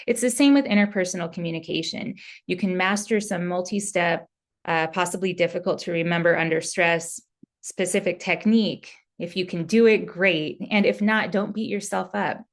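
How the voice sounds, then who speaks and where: A woman therapist talking casually about relationship communication, candid and loose, with fillers and example phrases. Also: on the low side. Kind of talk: relationship advice talk.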